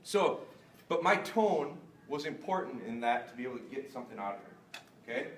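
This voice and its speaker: Chatty man running a dog-training seminar. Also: a little fast. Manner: chatty, joking, jumps to high excited praise voice. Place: large store hall with audience. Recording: roomy echo, mic at a distance.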